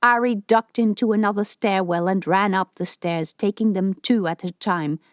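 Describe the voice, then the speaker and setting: A woman narrating a science fiction audiobook in a steady, even storytelling voice. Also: mid-range voice, moderate pace, dry recording, studio quality.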